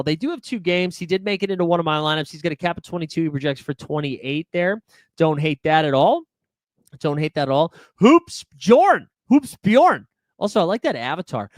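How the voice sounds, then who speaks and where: A man's voice: a little high, no echo, clean studio sound. A man hosting a live fantasy sports stream, answering viewer questions in a chatty, laid-back and jokey way, with lots of filler words. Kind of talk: live-stream Q&A, casual chat.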